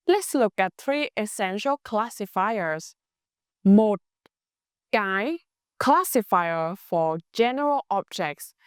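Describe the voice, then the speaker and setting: A woman with a Vietnamese accent, a native Vietnamese speaker teaching a language lesson in a measured, scripted way and slowing down to spell out example phrases. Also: medium pitch, clear, resonant tone, no room sound, clean studio sound.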